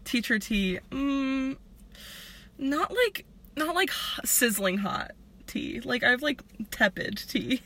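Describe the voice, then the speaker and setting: A young woman co-hosting a podcast, chatting and telling stories with plenty of "like" and easy laughter. Her pitch moves a lot, and her tone is very bright and sharp. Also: sing-song, takes it slowly. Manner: giggly, filler-heavy storytelling. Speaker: podcast co-host. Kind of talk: casual chat.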